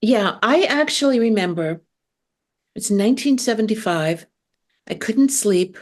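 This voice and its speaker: A woman's voice: mid-range voice, animated, a little slow. An older woman hosting a casual chat, telling stories in a chatty way. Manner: chatty, storytelling.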